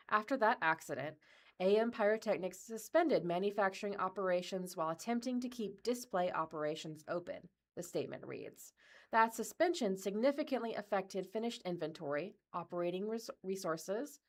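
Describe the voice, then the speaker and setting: Woman reading news stories for radio, steady and even, barely slips. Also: mid-range voice. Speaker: volunteer news reader.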